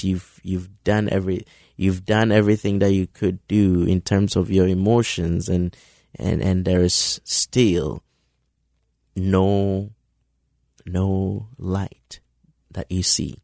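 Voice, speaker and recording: A man delivers a sermon in a deep, gravelly voice at an unhurried pace. He is earnest and encouraging, often halting and repeating words before pushing on. The sound is dry and close. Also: warm tone, no echo. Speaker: preacher.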